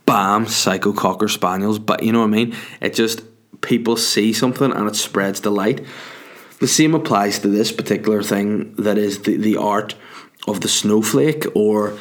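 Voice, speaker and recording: A man's voice: on the low side, steady tone, normal speed. A man delivering a profane, rambling comic rant, worked up and exaggerating. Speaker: comedian.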